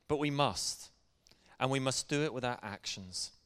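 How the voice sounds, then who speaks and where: A man's voice: medium pitch, normal speed, a bit bright, clean tone. A middle-aged man preaching a sermon as pastor, speaking in an earnest, conversational way. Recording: long hall reverb.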